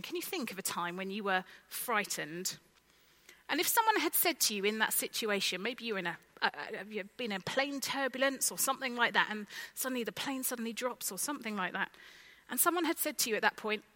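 Woman, sermon, bright forceful tone, somewhat high voice, chatty, asks the congregation questions. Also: fast, low-quality recording. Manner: conversational, lively, asks the listeners direct questions. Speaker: preacher.

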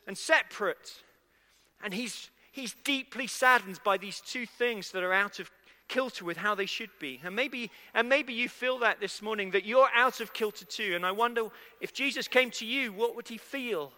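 High, bright-voiced preacher. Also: male voice. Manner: conversational, asks the congregation questions. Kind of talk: sermon. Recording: echoey hall with long reverb.

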